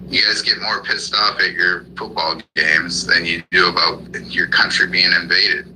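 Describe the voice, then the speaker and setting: A man's voice: sits low, level tone, normal speed, few pauses, pushed and bright, slight background noise, poor audio. A man from the United States hosting a live audio room, ranting angrily and full of profanity, firing off repeated commands and questions. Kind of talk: heated political rant.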